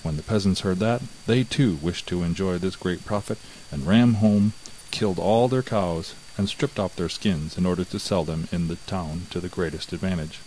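A man narrating a fairy tale from a script in a measured, even way. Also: sits low, slight background noise, low-quality recording. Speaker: storyteller.

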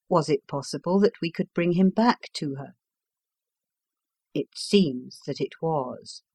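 A woman narrating a classic story as an audiobook, measured and unhurried. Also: low voice, a little mellow, dry recording.

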